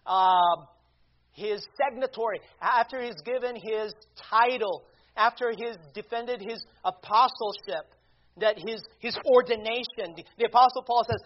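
A man preaching a sermon, deliberate and emphatic, asking rhetorical questions. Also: high voice. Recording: dull lo-fi recording.

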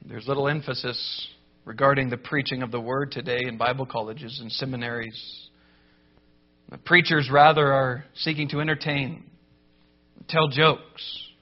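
A man preaching a sermon to pastors, emphatic, rising to loud declarations and dropping to low, grave asides. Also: fairly even intonation, moderate pace, muffled recording.

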